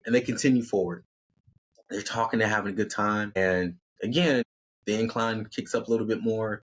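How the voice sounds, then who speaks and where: A man telling a story in a casual, conversational way, acting out the characters with lively delivery. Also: lowish voice, moderate pace. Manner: conversational, animated, acts out characters.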